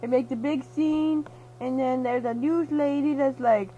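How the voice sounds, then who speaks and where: A woman's voice: high voice, unhurried, warm tone, lo-fi sound, slight background noise. A young woman, half-asleep and giddy, rambling through a silly retelling of a movie, giggling and acting out the characters' lines. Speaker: storyteller.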